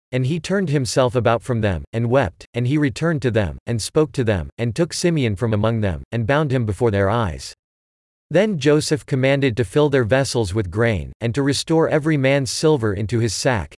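A man reads scripture aloud in an even, measured way. His voice sits at a middle pitch for a man. It is recorded close and dry, with no room sound at all. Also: dry recording. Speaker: scripture reader.

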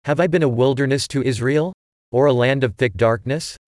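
Male scripture reader, mid-pitched, measured delivery, dry close mic. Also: a little mellow, no room sound. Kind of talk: scripted Bible reading.

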